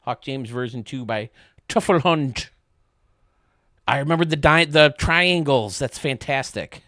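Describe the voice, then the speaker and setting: Male streamer, casual and joking, cusses, dry close sound, mid pitch. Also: measured pace, a bit bright, no room sound. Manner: chatty, joking, swears freely, talks to viewers by name. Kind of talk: casual live-stream chat while gaming.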